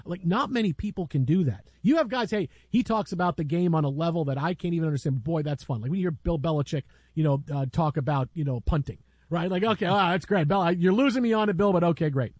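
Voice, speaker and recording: A man's voice: on the high side, fast, few pauses, breathy edge, no room sound. A man hosts a loose sports talk show, storytelling with frequent restarts and a slightly raised voice. The recording is dry and close, with no room sound. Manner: rambling, many restarts, lively storytelling.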